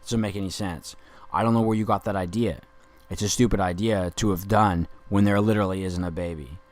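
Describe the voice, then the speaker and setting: A man's voice: low voice, steady tone, brisk, close to an everyday voice. A man playing an angry, rambling Dick Grayson in a profane comedic podcast monologue. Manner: rambling, profane, indignant ranting.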